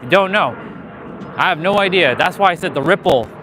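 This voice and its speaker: A man's voice: high-pitched, animated, a little fast, pushed and bright, slight background noise. A man live-streaming outdoors as he walks with a gimbal camera, talking candidly, with frequent swearing, in a motivational way. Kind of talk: casual live-stream talk while walking. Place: outdoors, walking. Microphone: handheld gimbal camera.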